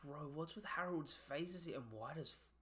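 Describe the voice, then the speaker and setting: A young man hosting a live manga reaction, excitable and slangy, often breaking off and restarting mid-sentence. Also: fairly high pitch, a little fast.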